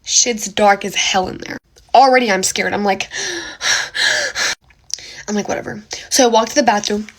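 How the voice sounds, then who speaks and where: A woman's voice: medium pitch, fairly quick. A young woman casually telling a dramatic, slangy ghost story to her phone, gasping and exaggerating as she goes. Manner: animated, dramatic retelling with gasps and slang.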